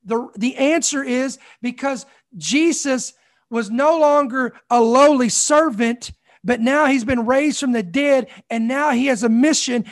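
A man preaching a sermon with fervor, building up repeated phrases and calling out "come on" to the congregation. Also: very high voice. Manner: fervent, repetitive preaching with calls of "come on".

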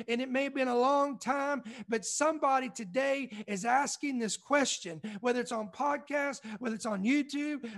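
A man with a strikingly high voice delivers a devotional sermon. He stacks rhetorical questions in long, insistent runs and speaks with building passion. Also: a bit bright. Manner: impassioned, repetitive rhetorical questions building intensity. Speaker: preacher.

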